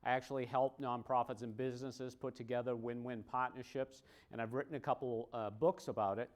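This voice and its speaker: A man with a Boston accent giving a joking conference presentation, wry and self-mocking, often tagging his points with a quick check-in. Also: medium pitch, steady tone. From Boston, USA. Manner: wry, self-mocking, tags lines with "okay?".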